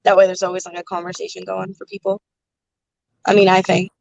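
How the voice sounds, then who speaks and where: A woman hosting a livestream, chatting casually and loudly over a phone from inside a noisy car. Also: fairly low pitch, level tone, a little fast, creaky, no room sound, dull audio. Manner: loud, projecting voice. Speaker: livestream host. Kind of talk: casual chat.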